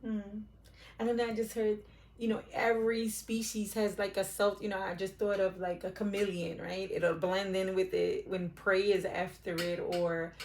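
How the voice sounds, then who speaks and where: A middle-aged woman reading tarot to camera, rambling and searching for words with many fillers, casual cussing and soft, emotional drops. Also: mid-range voice, little pitch movement, moderate pace, a little hiss or hum. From Puerto Rican, raised in Brooklyn and Philadelphia. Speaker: tarot reader.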